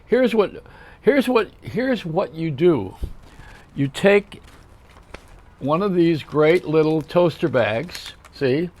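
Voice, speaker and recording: A man's voice: a little high, animated, takes it slowly, pauses often, darkish tone. Wisecracking older man, rambling monologue. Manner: rambling wisecracks and one-liners; chatty, talks straight to the viewer. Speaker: host. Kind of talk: comedic monologue.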